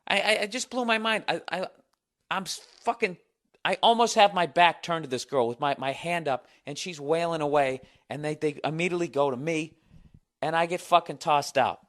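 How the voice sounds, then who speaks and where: A middle-aged man hosting a solo podcast, telling a story in a profane, sarcastic, animated rant. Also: a little high, normal speed. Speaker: podcast host.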